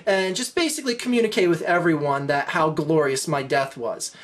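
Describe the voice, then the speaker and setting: Brief: woman putting on a pompous young man craving attention, slightly lowered voice. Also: a little fast, natural voice. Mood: grandiose. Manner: pompous, self-important.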